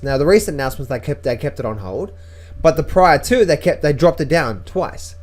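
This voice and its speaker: Emphatic man, slightly high voice. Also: lively intonation, brisk. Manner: emphatic, repeats words and restarts sentences. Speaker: trader. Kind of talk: casual market-update vlog.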